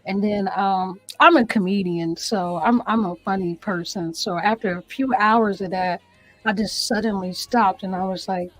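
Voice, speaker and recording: A woman's voice: mid-range voice, normal speed, soft background music, low-quality recording. A woman who is a comedian, a guest telling an emotional personal story with earnest feeling and acting out her own past words. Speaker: interview guest.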